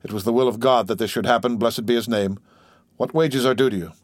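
A man's voice: mid-range voice, fairly even intonation, fairly quick, no room sound, clean studio sound, close to an everyday voice. A man voicing a ruined middle-aged ship-owner who speaks formally and mournfully. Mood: grave.

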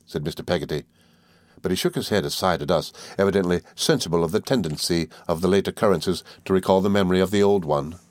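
A man reading a classic novel aloud as narrator, in a measured storytelling manner. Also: low voice, fairly even intonation, no echo.

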